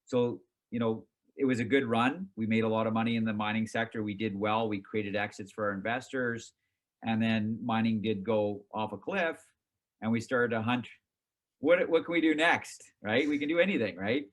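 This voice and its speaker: A middle-aged man, chairman and CEO of a company, casually telling the story of his career in an interview, animated and self-mocking, acting out his own past reactions. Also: fairly low pitch, moderate pace.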